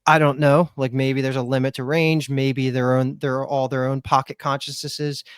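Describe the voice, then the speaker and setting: A man's voice: mid-range voice, little pitch movement, moderate pace, clean tone, no room sound, studio quality. Hedging podcast co-host man. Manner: thoughtful, hedging, theorizing. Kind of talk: casual podcast chat.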